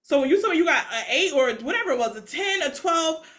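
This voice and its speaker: High, bright-voiced laughing woman. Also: fast talker. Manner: animated storyteller, laughs often. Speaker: podcast co-host. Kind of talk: casual chat.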